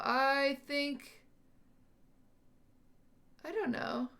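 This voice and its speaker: A woman streamer talks casually to her live chat, working through her thoughts aloud and often admitting she is unsure. Her voice sits a little high and has a sharp, bright edge. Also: measured pace. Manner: thinking aloud, questioning, unsure. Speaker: livestream host.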